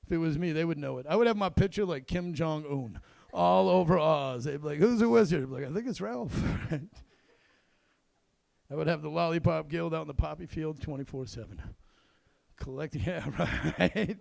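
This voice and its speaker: A man's voice: fairly high pitch, moderate pace, vocal fry, a little mellow, no echo. A man doing a stand-up comedy set on a casino club stage, rambling and crude, acting out quotes in his routine.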